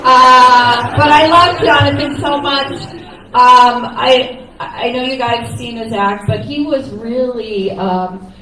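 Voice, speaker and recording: A woman's voice: fairly high pitch, slow pace, pushed and bright. A woman who is a stand-up comedian, giving a candid, joking eulogy on a cafe stage and laughing between lines. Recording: echoey room from far off, noisy.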